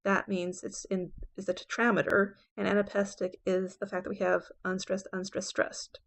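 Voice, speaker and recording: Woman professor, middle-aged, gravelly voice, chatty lecture style with fillers. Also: mid-range voice, level tone, a little fast. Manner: conversational teaching with frequent fillers and checks; reads verse aloud with dramatic emphasis. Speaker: English professor.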